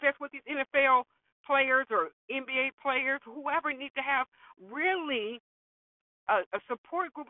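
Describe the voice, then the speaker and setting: A woman's voice: sits high, a little slow, no room sound. A woman giving blunt, emphatic commentary, swearing often and talking straight at the people she criticizes. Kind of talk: opinionated commentary. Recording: tinny phone-like sound, dry.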